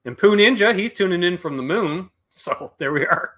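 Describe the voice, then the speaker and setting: A man's voice: high voice, animated, normal speed, a bit bright. A man from Canada hosting a casual livestream, joking and greeting viewers from the chat by name. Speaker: livestream host.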